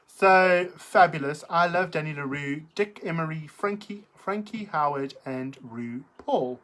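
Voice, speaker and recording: A woman's voice: sits low, unhurried, a bit bright, a little hiss or hum. A middle-aged woman hosting a live chat, reading out viewer comments in a camp, theatrical, giggly manner. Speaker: livestream host.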